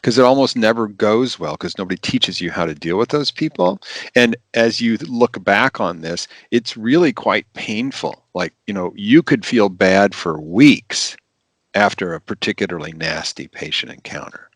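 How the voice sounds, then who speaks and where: A man, a physician, giving practical advice in an animated, emphatic podcast interview, repeating his key phrases. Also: fairly low pitch, normal speed, no echo.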